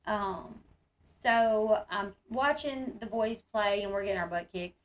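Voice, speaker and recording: A woman's voice: medium pitch, slow pace. A woman, telling viewers a rambling family story, full of fillers and quoted dialogue. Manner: chatty, rambling, many fillers and quoted speech.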